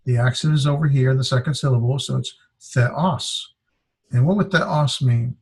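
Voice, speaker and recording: Here a man teaches a classroom lesson, slow and halting, and he stops often to sound out each syllable. His voice is a little husky, at an everyday middle pitch. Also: steady tone. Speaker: Greek teacher.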